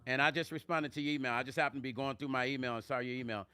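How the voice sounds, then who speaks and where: A man's voice: medium pitch, fairly even intonation, very fast, sharp tone, clear, resonant tone. A man with a New Jersey accent hosting a casual live-stream vlog, chatting with viewers and answering their comments by name.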